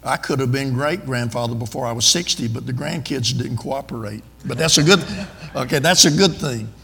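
An older man with a drawl preaches in a church, telling homespun stories and turning often to the congregation. His voice is gravelly, at an ordinary pitch for a man, and the sanctuary gives it a long ringing tail. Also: moderate pace, big-room sound, crowd noise. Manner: folksy, drawling, storytelling with asides to the congregation. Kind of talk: sermon with folksy stories.

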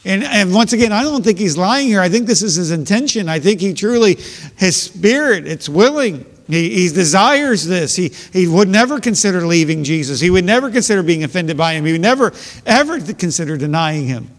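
A man's voice: sits high, lively intonation, brisk, big-room sound. A man preaching a sermon, reading scripture aloud and explaining it earnestly, often repeating words as he builds his points.

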